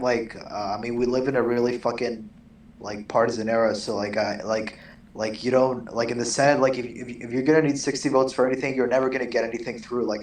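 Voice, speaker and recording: A man co-hosting a casual podcast, talking hesitantly with lots of fillers and the odd swear word. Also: mid-range voice. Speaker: co-host. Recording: echoey distant mic with faint background noise.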